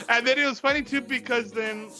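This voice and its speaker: In an extremely high, sharp voice, a man tells a long story in casual chat. He rambles, leans heavily on "like", swears freely and laughs often as he goes.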